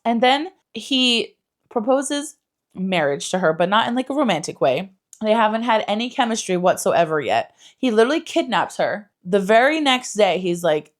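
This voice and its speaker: A woman giving a casual, animated book review, swearing freely and saying "like" a lot. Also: mid-range voice, moderate pace. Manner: animated, swears, lots of "like" fillers.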